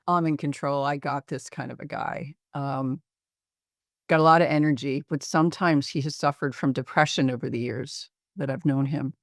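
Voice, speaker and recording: A middle-aged man, a psychiatrist, presenting a patient case in a webinar in a measured, reflective way with frequent pauses. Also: a little high, no echo, clean studio sound.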